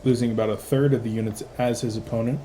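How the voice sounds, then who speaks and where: A tired man casting a video game match live, with rapid play-by-play and excitable bursts. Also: medium pitch, slight background noise. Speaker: play-by-play esports caster.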